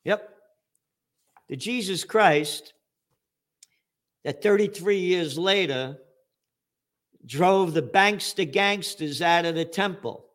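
A man in an angry, profane political rant. His voice sits a little high for a man and his delivery is slow and drawn out, building to sarcastic jabs and sudden shouted outbursts. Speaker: commentator.

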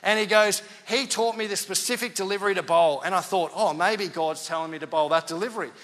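Animated pastor in echoey hall. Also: male voice, high voice, brisk. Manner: animated, conversational, acts out quoted dialogue. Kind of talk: storytelling sermon.

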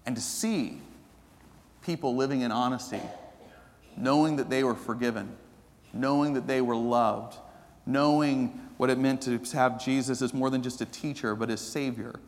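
A man preaching a sermon as pastor, telling a story that moves from animated to hushed and earnest. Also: medium pitch, moderate pace. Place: church sanctuary. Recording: long reverb of a church hall.

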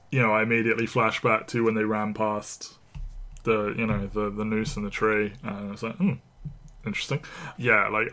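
A man co-hosting a podcast chats casually about a film, laughing often and acting out the characters' lines. His voice is fairly low in pitch and a bit bright.

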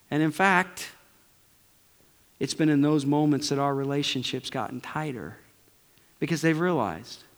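A middle-aged male pastor preaching a conversational sermon to his congregation, swinging between loud bursts and near-whispers. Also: mid-range voice. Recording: long hall reverb.

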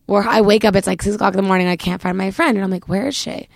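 A young woman co-hosting a podcast, telling a story in a casual, animated way, acting out quotes and saying "like" often. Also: mid-range voice, racing, vocal fry, no room sound, clean studio sound. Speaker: podcast co-host.

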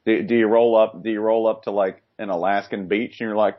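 A man with a fairly low voice riffs through casual sports banter, joking fast and sometimes breaking into loud bursts. The recording is dull and lo-fi, like a home podcast setup. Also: fairly even intonation. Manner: quick jokey riffing, sudden loud outbursts. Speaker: podcast co-host. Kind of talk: casual comedic sports chat.

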